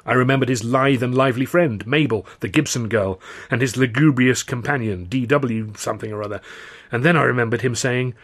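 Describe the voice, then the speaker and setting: A man reading his own novel aloud as audiobook narration, with a steady, wry storytelling manner. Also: medium pitch, a little fast.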